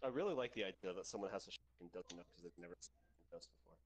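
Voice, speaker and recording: A man's voice: low-pitched, racing. A man livestreaming a game, chatting casually with crude jokes and frequent laughter. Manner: crude, joking, laughs often. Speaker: livestreaming gamer. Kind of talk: casual gameplay chat.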